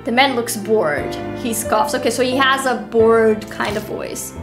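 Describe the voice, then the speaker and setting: A young woman streaming a horror game, reading the text aloud with animated, giggly reactions between stretches of calm narration. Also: a little high, unhurried, over music. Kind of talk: reading a horror visual novel aloud while playing.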